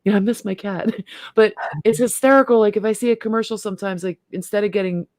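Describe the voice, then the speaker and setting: A woman's voice: mid-range voice, fairly even intonation, fast, darkish tone, no echo. A middle-aged woman hosting a casual livestream chat, talking freely and laughing often. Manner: chatty, laughs often, trails off and restarts. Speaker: host.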